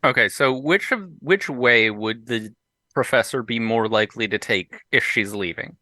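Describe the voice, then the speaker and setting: A man at a tabletop game, working through his character's moves haltingly. His voice is bright and forward, and the sound is dry and close. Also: mid-range voice, no echo. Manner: halting, thinking aloud. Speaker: player. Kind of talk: tabletop role-play.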